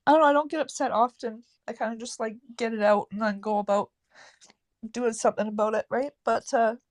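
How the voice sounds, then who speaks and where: High-voiced woman, halting and upset. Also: steady tone. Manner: halting and upset, with frequent restarts and swearing. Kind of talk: casual live group chat.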